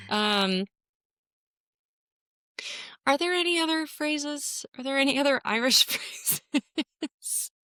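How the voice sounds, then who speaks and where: A woman's voice: high voice, sharp tone, dry recording, clean studio sound. A woman co-hosting a home design podcast in casual, playful chat, teasing and laughing often. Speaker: podcast co-host.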